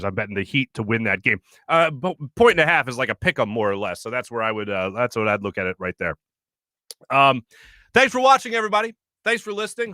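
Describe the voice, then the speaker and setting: A man's voice: fairly high pitch, bright, forceful tone, dry recording. A young man from Philadelphia hosting his own sports talk show from a studio, chatting casually and loosely with many fillers and restarts.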